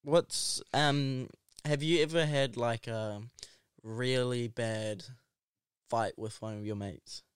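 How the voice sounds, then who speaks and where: A man's voice: mid-range voice, fairly even intonation, takes it slowly, smooth, no room sound, studio quality. A young man, chatting casually and teasing his co-host playfully. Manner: teasing, playful, laughs often. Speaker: podcast co-host. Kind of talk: casual chat.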